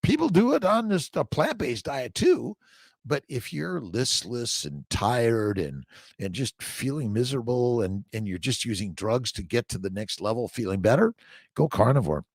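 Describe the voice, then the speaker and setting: A man's voice: mid-range voice, very animated, normal speed, husky, no echo. An older man hosting a casual morning livestream, reading out viewer comments and talking in rambling bursts with emphatic repeats. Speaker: livestream host.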